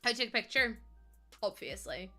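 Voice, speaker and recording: A woman's voice: a little high, very animated, a little fast, pushed and bright, soft background music. A young woman, chatting casually and laughing with her stream chat, self-mocking and breaking into song. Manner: chatty, giggly, self-mocking, sings snatches of songs.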